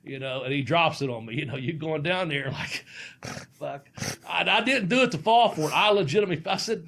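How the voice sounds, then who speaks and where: A man's voice: on the high side, brisk, fairly bright tone. A man hosting a podcast, telling a profane story and laughing through it. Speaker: podcast host, former wrestler. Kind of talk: casual storytelling.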